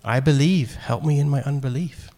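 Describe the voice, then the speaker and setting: A man preaching a sermon in a casual, animated way, acting out quoted lines. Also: medium pitch, normal speed. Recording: long hall reverb.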